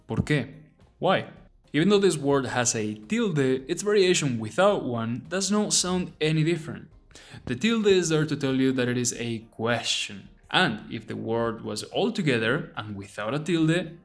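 A man narrating a language lesson, repeating phrases slowly and deliberately. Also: medium pitch, animated, faint music behind. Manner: slow, deliberate repetition of phrases. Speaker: language teacher.

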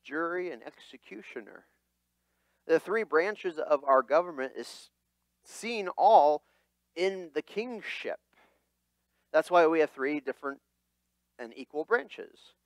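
A male pastor preaching to his church with an animated, expressive delivery. His voice is fairly high for a man and swings widely in pitch. He speaks slowly, and the sound is dry and close. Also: no echo. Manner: animated, dramatic voicing of quotes. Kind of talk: sermon.

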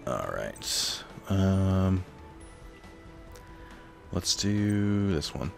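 Very deep-voiced man narrating gameplay. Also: big pitch swings, extremely slow, vocal fry, faint music behind. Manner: rambling, thinking aloud while reading card text. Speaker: let's play host. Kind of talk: casual gameplay commentary. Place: home apartment.

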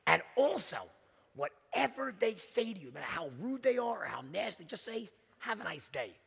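A man voicing a calm veteran door-to-door salesman who hands out advice in a low, confiding, matter-of-fact way. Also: moderate pace, creaky, breathy edge, full character voice. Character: seasoned male door-to-door meat salesman, calm mentor. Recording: long hall reverb from stage.

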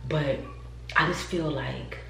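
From an upstairs room at home, a woman with a low, sharp voice vlogs slowly, chatting casually and speaking directly to her viewers. The mic sits at a distance, picking up a roomy echo and faint background noise.

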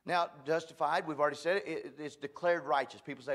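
A man preaching in a church, his voice sitting a little high. He speaks in a folksy, emphatic way and pokes fun at himself. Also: fast talker. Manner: folksy, emphatic, self-deprecating. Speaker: guest preacher. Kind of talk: sermon.

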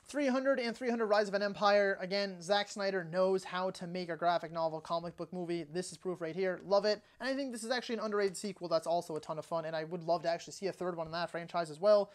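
A young man talking casually and enthusiastically through his movie collection, tossing out quick opinions and asides. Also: sits high, steady tone. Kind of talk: casual home video walkthrough.

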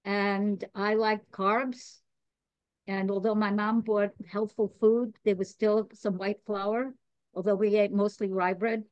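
A woman's voice: mid-range voice, little pitch movement, slow pace, darkish tone, clean tone, dry recording, highs cut off. A woman from New York, a podcast guest, talking in a chatty, digressive way, laughing at herself and earnest about spiritual growth. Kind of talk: casual chat.

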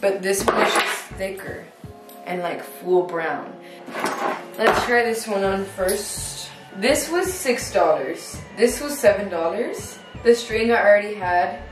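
A woman's voice: medium pitch, expressive, slow pace. Chatty giggly woman vlogging at home, mic a bit far off, music going behind her. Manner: chatty and giggly, talking to the camera. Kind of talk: casual vlog chat. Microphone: camera held by someone else. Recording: roomy, camera a bit distant. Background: music playing.

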